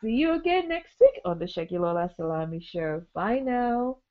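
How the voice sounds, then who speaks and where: A woman hosting a podcast in casual chat, slightly hoarse from a cold, chatty, with many ums and easy laughter. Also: mid-range voice, animated, normal speed, dull audio, a little hiss or hum. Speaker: podcast host.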